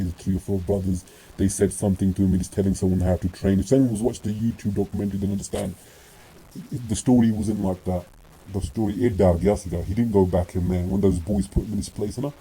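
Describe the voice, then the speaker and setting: Guy ranting and scolding, lots of swearing, very dark mellow voice. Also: low voice, steady tone, fast, husky, rough recording. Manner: blunt and scolding, swears freely, switches between English and Punjabi. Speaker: commentator. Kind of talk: video rant.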